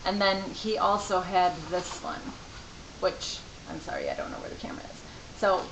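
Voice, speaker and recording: A woman's voice: fairly low pitch, wildly swooping pitch, moderate pace. A middle-aged woman, a mother, telling a rambling, chatty story to camera from home with many asides. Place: home room. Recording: echoey room with faint hiss.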